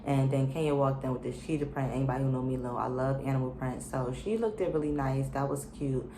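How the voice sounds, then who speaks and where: A woman's voice: very deep voice, fast, roomy sound, noisy background. A woman casually recapping a reality show, chatty and opinionated, with lots of fillers and slang.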